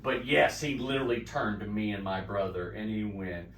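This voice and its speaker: Podcast co-host, man in his 40s, grew up in the Midwest, animated storyteller who does the voices, recorded off-mic in an echoey room. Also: fairly low pitch, moderate pace, distant mic, noisy background. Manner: excited storyteller, acts out quotes. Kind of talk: casual chat.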